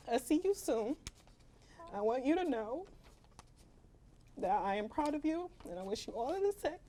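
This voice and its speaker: A woman's voice: high-pitched, mellow, a little hiss or hum. A young woman in casual chat, reading a heartfelt farewell letter to a co-host. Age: young adult. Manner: emotional, laughing, Southern "y'all" slang.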